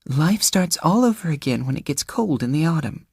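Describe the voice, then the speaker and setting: A man voicing a calm, worldly young woman in an audiobook, soothing and even. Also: a little high, normal speed, creaky, breathy edge, no echo, studio quality, pitched above the performer's own voice, heavily acted. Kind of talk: audiobook character voice.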